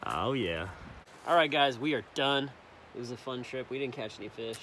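A man, slightly hoarse from coughing, chatting casually in an outdoor vlog by a mountain stream. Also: medium pitch, slight background noise. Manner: chatty, relaxed narration. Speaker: outdoor vlogger. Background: rushing stream water.

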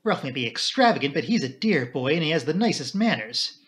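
A man voicing a nosy, sharp-tongued middle-aged spinster in an audiobook reading. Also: a little high, very animated, brisk. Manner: sharp, dismissive.

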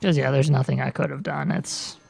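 A man's voice: medium pitch, steady tone, brisk, vocal fry, husky, faint music behind. A man giving casual gameplay commentary as a let's player, muttering and talking to himself while he plays.

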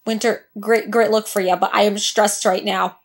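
Speaking in a mid-range voice with little pitch movement and a moderate pace, a young reaction host watches a show. She reacts emotionally, exclaiming, cursing and crying out in distress, then talks her thoughts through.

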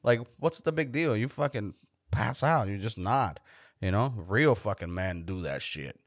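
A man's voice: lowish voice, expressive, measured pace, no room sound. A man hosting his own show, talking in a casual, rambling monologue that is blunt, profane and joking. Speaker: podcast host. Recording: dull, dry lo-fi recording.

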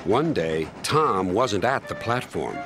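A man narrating a children's train story in a steady storytelling voice. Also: fairly low pitch, takes it slowly. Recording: narration over clear music.

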